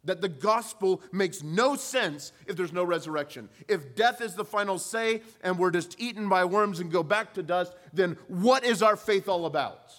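A male pastor preaching a sermon, pushing his voice up for emphasis with rhetorical questions, then dropping low and quiet. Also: expressive, moderate pace, few pauses. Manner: rises in pitch and volume for emphasis, then drops low.

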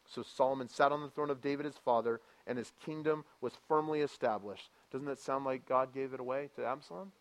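A man preaching a sermon as a pastor, reading scripture aloud and moving from quiet reflection to loud, impassioned preaching. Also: mid-range voice, a little fast, few pauses. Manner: reads scripture aloud with emphasis.

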